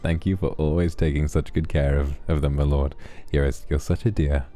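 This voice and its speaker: A man streamer reading out viewer donation messages in a sleepy ASMR style, soft, affectionate and relaxed, close to the microphone. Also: very deep voice, normal speed.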